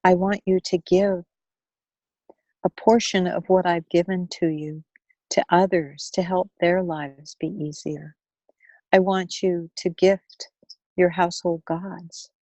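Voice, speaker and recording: A woman voicing a wise magical golden carp in a storybook tale, speaking calmly and kindly. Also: fairly low pitch, slow, no room sound, highs cut off.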